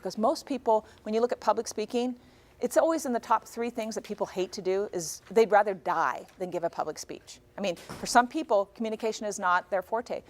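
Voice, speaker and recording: A woman in her forties speaks as a guest in a classroom. She tells stories with energy and acts out what people said, at a middle pitch. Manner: animated storyteller, acts out dialogue. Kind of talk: classroom talk to high school students.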